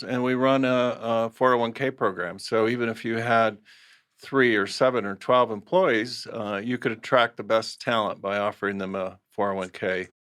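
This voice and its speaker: A man with a mid-range voice co-hosts a business podcast. He runs through a list of services briskly, in a plain, businesslike tone. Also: medium pitch, fairly bright tone. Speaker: podcast co-host, trade association chief. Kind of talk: interview self-introduction.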